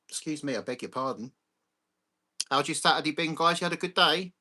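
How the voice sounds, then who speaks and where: Bright-voiced man chatting on a livestream. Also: on the high side, normal speed. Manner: chatty, greets viewers by name, blunt with swearing. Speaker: livestream host. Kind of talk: casual live chat with viewers. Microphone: phone.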